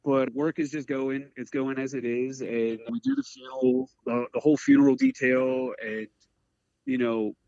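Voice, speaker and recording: A man in his forties from the Eastern Shore of Maryland, a career firefighter telling a personal story in an earnest, halting way full of "like" fillers. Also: medium pitch, animated, gravelly, warm tone, no echo. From Eastern Shore of Maryland, USA. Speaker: career firefighter, podcast guest. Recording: dry, slightly muffled audio.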